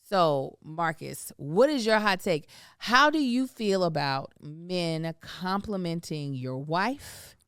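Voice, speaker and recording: Brief: woman podcast host, smooth and low-pitched, conversational, dry close sound. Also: expressive, slow, few pauses, fairly bright tone, dry recording. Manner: conversational, probing questions, retells stories. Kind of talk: casual chat.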